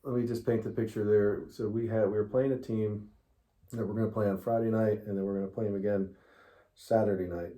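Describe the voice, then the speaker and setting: A middle-aged man tells a story in a relaxed interview, laughing as he talks. His voice is low and dark. The room gives it an echoey, roomy sound. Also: fairly quick. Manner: animated storyteller, laughs often. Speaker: interviewee, father of the host. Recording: roomy echo.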